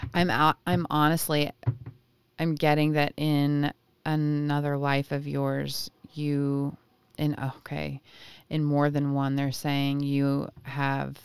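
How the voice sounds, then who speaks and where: A woman's voice: deep voice, smooth, no echo. A woman giving a casual intuitive tarot reading, chatty and often searching for words. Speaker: tarot reader.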